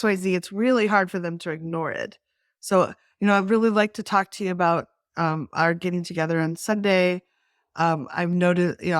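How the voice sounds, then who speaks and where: A woman's voice: on the low side, no echo, studio quality. A middle-aged woman co-hosting a skills workshop, explaining ideas in casual talk and acting out quoted voices with many restarts. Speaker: workshop co-host.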